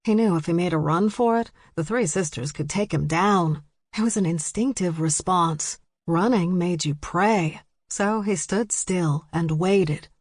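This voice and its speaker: A woman narrating an audiobook in a steady storytelling manner, recorded close. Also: on the low side, no room sound. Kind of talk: scripted narration.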